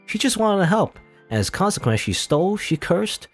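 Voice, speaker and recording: A man's voice: high-pitched, big pitch swings, a little fast, slightly rough, faint music behind. A man hosting a let's play, reading a game's story text aloud with casual asides and chuckles.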